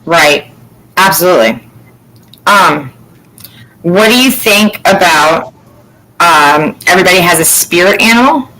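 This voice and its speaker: A woman's voice: fairly low pitch, expressive, measured pace, pauses often, pushed and bright, poor audio. A woman hosting a casual chat, rambling and candid, swearing freely. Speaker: podcast host.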